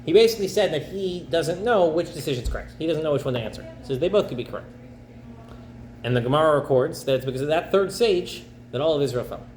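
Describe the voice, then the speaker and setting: A man, a rabbi, teaching a class and telling a story in a lively way, jumping into the characters' voices. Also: a little high, roomy sound, a little hiss or hum, low-quality recording. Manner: animated, acts out characters in quick bursts. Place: campus center classroom.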